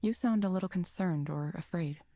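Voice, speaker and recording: A woman voicing a calm counselor in a video game, reading gentle prompts in a measured way. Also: fairly low pitch, no room sound, clean studio sound.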